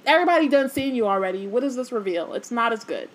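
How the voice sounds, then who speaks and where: A woman co-hosting a casual book podcast, joking and retelling scenes with quick asides. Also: on the high side, animated, a little hiss or hum. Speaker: podcast co-host reading and discussing a book. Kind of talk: casual chat and reading aloud.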